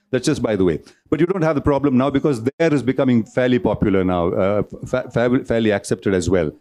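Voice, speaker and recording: A man at mid pitch delivers a public talk in a lecture hall. He talks in loose, discursive runs and often stumbles and repeats a word before going on. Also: darkish tone. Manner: discursive, with frequent restarts and repeated words. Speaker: speaker at a cultural centre talk.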